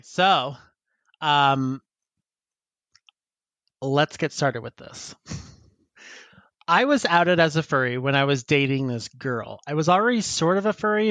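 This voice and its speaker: A man's voice: on the high side, fairly bright tone, dry recording. Chatty giggly man on a podcast. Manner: laughs often, chatty and rambling. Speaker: podcast co-host. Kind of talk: casual chat, reading listener emails.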